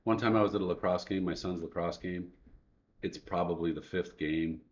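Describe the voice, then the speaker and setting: A man's voice: low voice, fairly even intonation, normal speed. A middle-aged man co-hosting a livestream, telling stories in a wry, casual way. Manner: storytelling, wry. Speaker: livestream co-host. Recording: slightly dull livestream audio.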